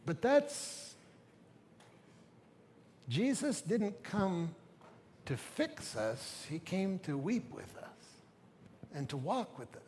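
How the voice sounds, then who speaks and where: A man's voice: sits high, big pitch swings, slow pace, long pauses, a little mellow, a little hiss or hum. A middle-aged man preaching a sermon as a pastor, telling stories conversationally and with humor, in a church sanctuary. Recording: reverberant church hall with faint ambience.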